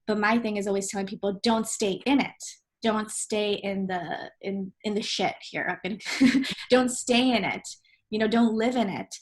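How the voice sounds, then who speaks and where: A woman's voice: mid-range voice, fairly even intonation, moderate pace. A woman hosting as a life coach, talking in an encouraging, upbeat way. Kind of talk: casual conversation.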